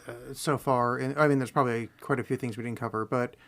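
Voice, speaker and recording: A man's voice: medium pitch, fairly even intonation, fast, a bit bright. A man co-hosting a podcast, trading playful, teasing banter in a casual film-review chat. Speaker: podcast co-host.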